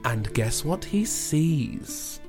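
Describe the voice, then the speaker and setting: A man's voice: on the high side, big pitch swings, very slow, over music. A man improvising a comedy story with a co-host, playful and laughing often.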